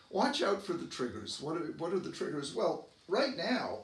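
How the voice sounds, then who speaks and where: A man doctor from the United States giving advice to camera, earnest, often repeating and restarting words and jumping up in pitch for emphasis. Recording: roomy echo, voice from a distance.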